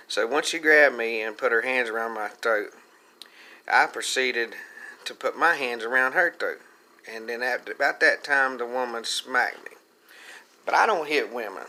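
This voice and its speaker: A man spins a profane, meandering comic tall tale. His voice has a very bright, cutting edge. He pads every turn with fillers and a habit of saying "proceeds.". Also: mid-range voice.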